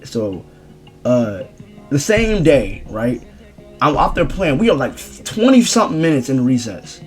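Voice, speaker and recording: Young man, casual storytime vlog, slangy, rambling, lively swooping pitch, faint music behind. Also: measured pace. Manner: rambling, slangy, animated, switching into voices. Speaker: streamer telling a story.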